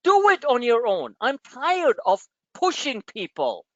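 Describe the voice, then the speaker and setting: A New York man hosting a trading webinar rants live at his class, frustrated, blunt and heavy on profanity as he lectures. His voice is very high and a bit bright, a little slow, with huge pitch swings up and down. The audio is dry, muffled and lo-fi.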